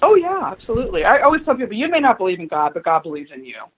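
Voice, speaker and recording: A woman, a spiritual advisor and radio guest, telling a personal story with lively acted-out dialogue. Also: medium pitch, very fast, breathy edge, poor audio. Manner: animated storyteller acting out quoted voices.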